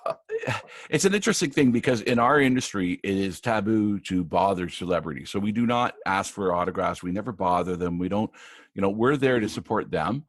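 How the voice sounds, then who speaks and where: A low-pitched man spinning animated backstage stories from his work producing live events. He restarts his sentences often, and the recording is dry and close. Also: fairly quick, no echo. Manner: animated anecdotes with many restarts. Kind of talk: casual storytelling interview.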